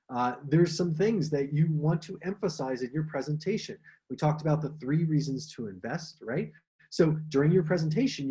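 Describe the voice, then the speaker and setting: A man of middle pitch presents a workshop on pitching. He speaks in a lively, conversational way. He fills his talk with fillers and keeps checking in with rhetorical questions. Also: poor audio. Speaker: pitch coach.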